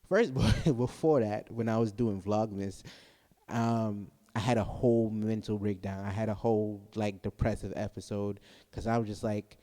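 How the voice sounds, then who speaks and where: A man's voice: lowish voice, fairly even intonation, normal speed, mellow, in a large hall. A young man hosting a podcast, talking earnestly through a personal struggle and often repeating himself. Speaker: podcast host. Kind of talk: candid personal monologue.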